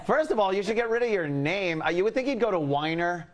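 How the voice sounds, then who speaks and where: A man's voice: sits high, sing-song, fast talker, noisy background. A man guesting on a talk panel, blunt and joking crudely. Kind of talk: casual panel discussion.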